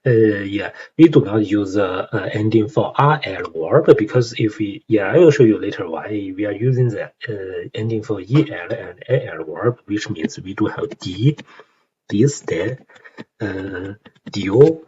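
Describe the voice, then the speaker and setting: A man's voice: fairly low pitch, animated, slow, warm tone, dull audio, a little hiss or hum. Hesitant man with a Chinese accent. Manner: hesitant, many fillers and tag questions. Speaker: language learner explaining song lyrics. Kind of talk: casual tutorial explanation.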